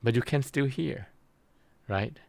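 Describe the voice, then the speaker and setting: A man giving a recorded university lecture, explaining slowly and pausing often to search for his words. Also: medium pitch, creaky, darkish tone, dry recording. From Thailand. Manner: slow, halting explanation with frequent pauses to search for words.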